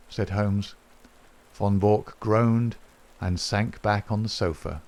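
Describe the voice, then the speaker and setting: Man with a lowish narrating voice. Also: slow. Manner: steady, even storytelling delivery. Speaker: audiobook narrator. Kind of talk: scripted narration.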